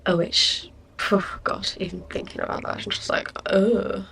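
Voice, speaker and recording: Tired, chatty young woman, gravelly. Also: medium pitch, level tone, unhurried, a bit bright, a little hiss or hum. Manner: chatty, rambling, lots of likes and ums. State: tired, yawning. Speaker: podcast host. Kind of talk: casual solo podcast chat.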